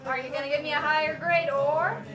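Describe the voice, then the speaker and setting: A blustering pirate with a high, squawky voice, as a woman plays her. The voice comes from far off in an echoey room, with loud music behind it. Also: steady tone, fairly quick, close to an everyday voice. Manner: growling pirate bluster, singsong parrot squawks. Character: boisterous female pirate student, bossy and greedy.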